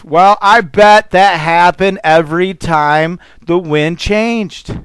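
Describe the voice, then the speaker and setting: A man's voice: high-pitched, takes it slowly, few pauses, clean tone, dry recording. A man preaching as a pastor, fervent and rambling, with call-and-response exclamations to his listeners. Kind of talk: preaching sermon.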